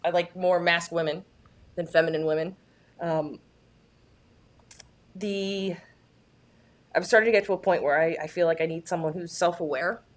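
A woman's voice: lowish voice, steady tone, normal speed, long pauses. A woman talking candidly and earnestly as a guest in a casual chat, often restarting her sentences.

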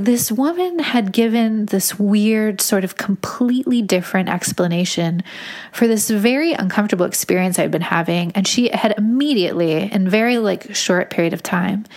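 A young woman casually telling a personal story in a chatty, animated way, full of fillers. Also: medium pitch. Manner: chatty, filler-heavy, animated retelling with laughs.

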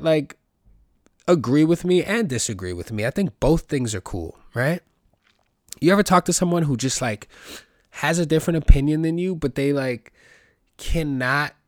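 A man's voice: mid-range voice, dry recording, studio quality. A man in his thirties musing in a casual solo monologue, rambling and joking, swearing freely and acting out the voices of people he quotes. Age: 30s.

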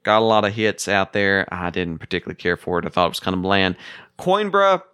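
A man's voice: low-pitched, animated, fairly quick, pushed and bright, smooth, no echo. Joking man on a dry mic. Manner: joking, playful banter. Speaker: podcast co-host. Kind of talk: casual chat about board games.

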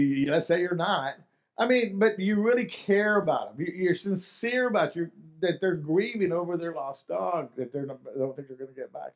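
Earnest preacher man, slightly high voice. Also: creaky. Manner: earnest, repetitive, with many restarts and rhetorical questions. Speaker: pastor. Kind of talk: sermon.

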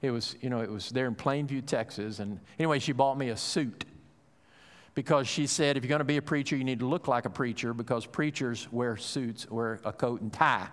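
A man's voice: mid-range voice, fairly quick. A middle-aged male pastor delivers a sermon in a conversational storytelling manner, full of little hesitations and restarts. His voice sits in an ordinary male middle range. The sound carries a long reverb, as if it was captured in a large church hall.

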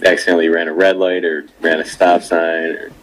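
A man casually asking a guest question, with relaxed fillers. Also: low voice, a little fast, rough recording.

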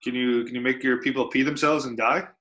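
A man's voice: medium pitch, steady tone, fast, a bit bright. A man joking crudely in a casual podcast chat, firing blunt, provocative questions. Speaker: podcast co-host.

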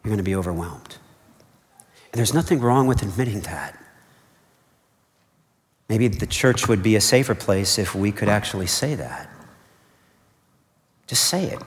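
A man's voice: lowish voice, expressive, moderate pace, long pauses. A man preaching a sermon as pastor, earnest and conversational, repeating his key points and checking in with "okay?". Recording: long reverb of a large hall.

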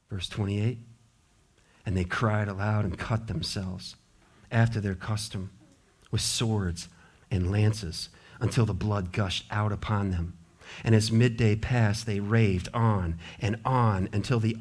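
A man preaching a sermon as a pastor, lively and playful, swinging between loud emphasis and hushed asides. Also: medium pitch. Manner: animated, shifting between loud and hushed delivery. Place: church.

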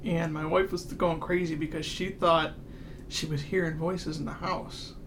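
A man's voice: a little high, flat delivery, a little slow. A man telling anecdotes in a casual talk, with casual swearing. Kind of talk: casual podcast chat. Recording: noisy background.

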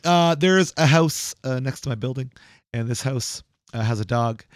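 A man's voice: medium pitch, moderate pace, no echo, studio quality. A man co-hosting a podcast, telling a story in casual, profane chat. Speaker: podcast co-host.

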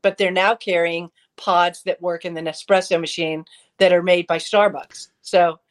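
A woman's voice: on the low side, normal speed. A middle-aged woman chatting casually as a co-host, telling anecdotes with quoted back-and-forth. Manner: storytelling, lively anecdotes with quoted dialogue. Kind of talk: casual chat.

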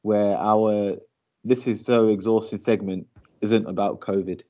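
A man with a very low voice chats casually as a podcast co-host. He laughs easily and fills his talk with ums and you-knows. The audio is dull and lo-fi, like a call recording. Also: fairly even intonation, measured pace, warm tone, slight background noise. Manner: chatty, laughs easily, frequent fillers. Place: lives in Shanghai.

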